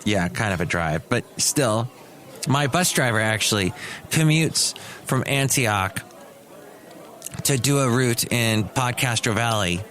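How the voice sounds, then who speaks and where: Male podcast host, casual solo chat, wry and self-mocking, average pitch. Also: animated, takes it slowly, long pauses, a bit bright. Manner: sarcastic, rambling, self-mocking. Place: small cafe studio.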